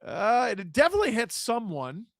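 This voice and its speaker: A man hosting a live stream, reading viewer chat with jokes and shouting play-by-play when a goal goes in. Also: very high voice, moderate pace, no room sound, clean studio sound. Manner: joking, excitable, shouts on goals. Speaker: livestream host reading chat. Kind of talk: casual live watch-along chat and play-by-play.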